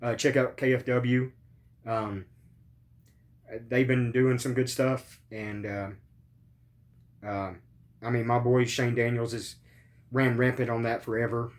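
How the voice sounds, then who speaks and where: A man's voice: medium pitch, fairly even intonation, slow pace, long pauses. A man hosting a podcast, in pain after surgery, rambling casually with lots of ums and swearing. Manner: rambling, profane, many ums and uhs. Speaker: podcast host.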